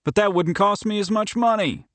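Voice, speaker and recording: A man's voice: high-pitched, normal speed, fairly bright tone, no room sound, voice pushed up. A man voicing a jovial, needling hockey captain. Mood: teasing. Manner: playful, needling.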